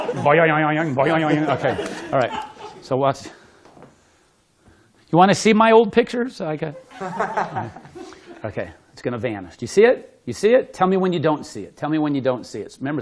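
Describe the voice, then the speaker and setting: A man, a magician, telling stories animatedly to a small audience, laughing often and loudly acting out the voices of the people in his stories. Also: a little high, fairly quick. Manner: lively, laughing, acts out quotes loudly. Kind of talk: animated storytelling with demonstration.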